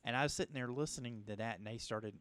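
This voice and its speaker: A man from Louisiana, hosting a radio interview in a halting, rambling way. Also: mid-range voice, fairly bright tone, clear, resonant tone. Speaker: host. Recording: radio broadcast.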